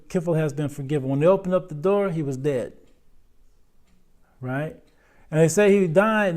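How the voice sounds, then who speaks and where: Conversational male religious teacher, fairly high. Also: a little mellow. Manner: conversational, asks the class questions and tags lines with "right?". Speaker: Islamic teacher. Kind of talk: religious lesson to a class. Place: lecture room.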